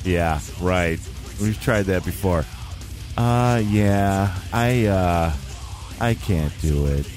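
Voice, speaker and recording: A man co-hosting a casual podcast, bantering and breaking into loud mock voices. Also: low voice, drawn-out words, faint music behind. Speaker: podcast co-host.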